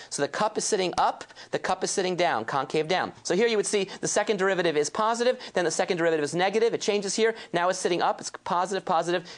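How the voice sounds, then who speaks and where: Fast-talking energetic woman lecturer. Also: medium pitch. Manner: energetic, enthusiastic, playful asides. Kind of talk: calculus lecture.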